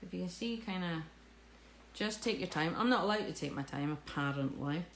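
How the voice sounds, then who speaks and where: A woman's voice: on the low side, expressive, moderate pace, slight background noise. A woman teaching cake decorating in a live tutorial, chatty, jokey and self-mocking as she works. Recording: echoey room with faint ambience.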